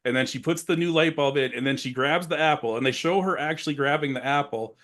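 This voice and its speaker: A man's voice: fairly high pitch, fast talker, fairly bright tone. A man co-hosting a podcast, retelling film scenes in a rambling, casual way full of fillers. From rural area. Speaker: podcast co-host.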